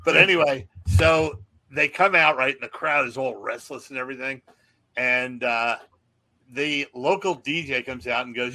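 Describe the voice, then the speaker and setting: A man's voice: on the high side, moderate pace. A man, a comedian, telling a backstage story in casual chat, acting out the voices of the people in it. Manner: animated, acts out quoted voices.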